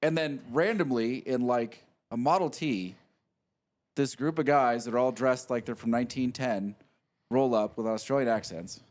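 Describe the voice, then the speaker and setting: A man's voice: medium pitch, moderate pace. Podcast guy walking through a story bit by bit, regular mid voice, just chatting. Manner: animated storyteller, retells scenes step by step. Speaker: podcast co-host. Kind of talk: casual chat.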